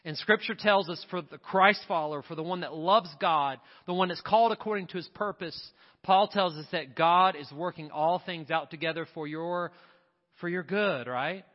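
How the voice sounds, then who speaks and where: A man's voice: fairly high pitch, normal speed. A man pastor delivering an impassioned sermon in a church, building to repeated refrains. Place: church sanctuary. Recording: dull audio with long hall reverb.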